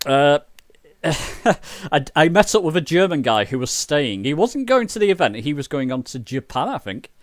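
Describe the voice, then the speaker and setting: A man with a fairly high, sing-song voice speaks at normal speed in a dry recording. He chats loosely and rambles during a flight sim livestream, poking fun at himself.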